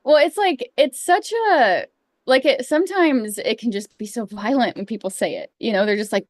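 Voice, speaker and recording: A woman's voice: fairly high pitch, brisk, no echo, clean studio sound. A woman co-hosting a casual chat who gushes enthusiastically about the designs. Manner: gushing, enthusiastic. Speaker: co-host.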